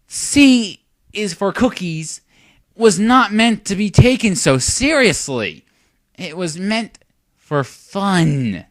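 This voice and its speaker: A man's voice: high-pitched, big pitch swings, slow pace, dry recording, studio quality. A young man giving a lecturing, sarcastic commentary rant on a video. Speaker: YouTube commentator.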